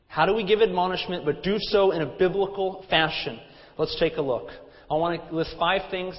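A man's voice: fairly high pitch, in a large hall, highs cut off. A man preaching a sermon, conversational and anecdotal with humorous asides. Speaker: pastor.

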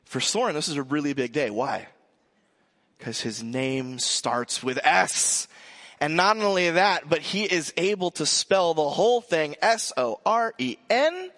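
A male pastor in his thirties giving a sermon, joking and telling a lively family story. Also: a little high, unhurried.

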